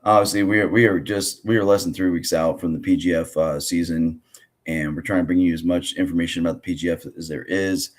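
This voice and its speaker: A hoarse man with a very low voice hosts a casual podcast. He sounds froggy from a cold and rambles along with plenty of fillers and restarts. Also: steady tone, fast. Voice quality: froggy, gravelly. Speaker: podcast host.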